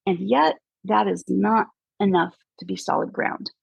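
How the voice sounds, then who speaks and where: A woman chatting casually as a guest, telling animated stories and mimicking people in hushed voices. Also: medium pitch, a little slow, gravelly, husky, no echo, low-quality recording. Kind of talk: casual chat.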